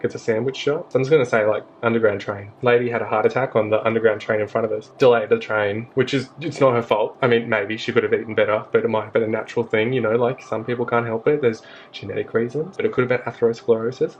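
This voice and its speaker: A fast-talking Australian man chats to camera, drifting through a self-mocking story with plenty of asides. His voice sits at an ordinary pitch for a man. The audio is a little dull, with a faint hiss behind it. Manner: chatty, rambling and self-mocking, with frequent asides. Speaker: vlogger. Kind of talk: casual storytime monologue.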